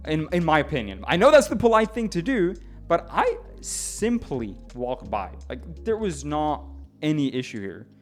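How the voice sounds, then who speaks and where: A slightly drunk man who is not a native English speaker, telling a story to his stream chat in a rambling, animated way full of restarts and stammers. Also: a little high, moderate pace, soft background music.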